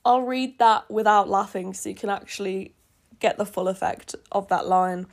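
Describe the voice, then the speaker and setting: A woman's voice: mid-range voice, normal speed. A woman in her twenties reading her old fan fiction aloud and commenting on it, laughing and mocking herself. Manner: giggly, self-mocking, cringing. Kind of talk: embarrassed read-aloud commentary. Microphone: earphone listeners, close mic.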